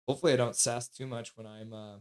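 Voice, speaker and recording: A man's voice: mid-range voice, steady tone, quick pace. A man hosting a casual livestream, chatty and sassy, reading out donations and sleep-deprived. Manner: sassy, joking. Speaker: livestream host.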